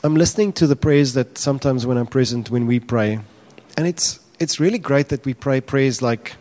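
Male pastor, lively sermon delivery that jumps loud on acted-out quotes. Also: medium pitch, normal speed. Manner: animated, acts out quotes with raised voice.

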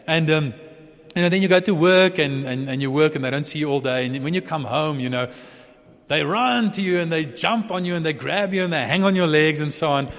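A man preaching a sermon in a relaxed, chatty way, often restarting and chuckling. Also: a little high, brisk. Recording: long hall reverb.

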